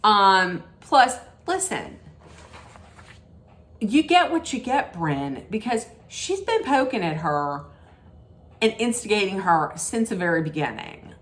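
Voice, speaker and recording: A woman's voice: mid-range voice, very animated, slow pace, a bit bright. Emphatic woman ranting in a recap. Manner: emphatic, disapproving, with frequent "mm-mm" and restarts. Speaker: reality TV recap host. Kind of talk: casual opinionated recap rant.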